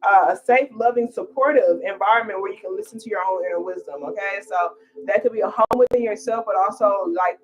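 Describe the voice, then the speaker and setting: A woman's voice: medium pitch, fairly quick, low-quality recording. A young woman talking casually on a tarot livestream, chatty and slangy with lots of fillers.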